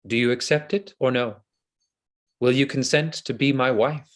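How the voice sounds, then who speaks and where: A man reading the part of a flattering, insincere noble seducer who makes flowery, ardent declarations, in a play reading over a video call. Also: medium pitch, moderate pace, close to an everyday voice.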